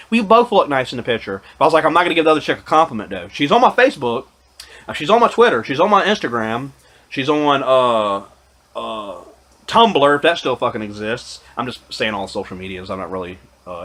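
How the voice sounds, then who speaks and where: A man's voice: mid-range voice, pushed and bright. A man vlogging, telling a long rambling story to camera, swearing often and restarting his sentences. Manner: profane, rambling, many fillers and restarts.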